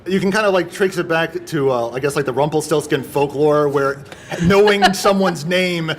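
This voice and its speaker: A man on a convention panel in relaxed casual talk, tossing in quick jokes. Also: fairly high pitch.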